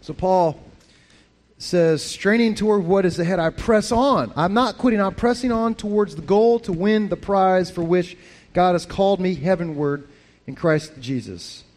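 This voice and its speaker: A man preaching as a pastor, talking in a lively, conversational way with frequent restarts. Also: sits high, unhurried. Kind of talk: sermon.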